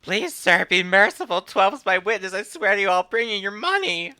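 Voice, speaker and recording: A frightened, begging debtor, played by a man in a raised, pleading voice. The tone is very bright. The sound is close and dry. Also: high voice, very animated, moderate pace, smooth, dry recording, voice pushed up, full character voice.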